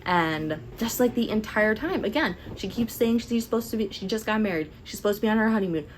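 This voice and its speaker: A young woman chatting casually through a book review, animated and sarcastic. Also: mid-range voice, brisk, slight background noise. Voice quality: animated, sarcastic, eye-rolling. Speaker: book vlogger.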